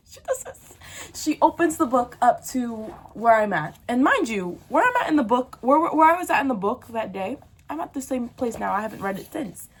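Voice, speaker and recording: A woman's voice: a little high, sing-song, a little fast, slight background noise. A teenage girl chatting casually to her viewers, ranting animatedly about books and laughing through a storytime. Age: teens. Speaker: book vlogger.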